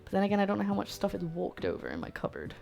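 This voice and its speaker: A woman's voice: medium pitch, wildly swooping pitch, very fast, vocal fry, warm tone, faint music behind. A woman with a British accent hosting a live cooking stream, chatting casually and poking fun at herself while she cooks. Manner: chatty, self-mocking, talks to chat while cooking. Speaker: cooking livestream host.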